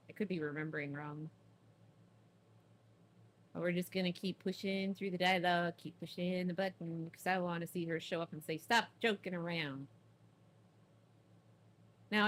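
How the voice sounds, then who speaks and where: A woman's voice: on the low side, a little fast, a bit bright. A woman chatting playfully and giggling while she plays a video game on stream, humming along and cheering her characters on. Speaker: let's play streamer. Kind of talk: casual gameplay commentary.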